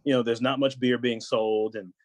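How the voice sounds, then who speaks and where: Animated man telling a story on a podcast. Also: medium pitch, normal speed, dry recording. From United States. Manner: animated storyteller acting out quotes. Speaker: podcast guest. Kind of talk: casual chat.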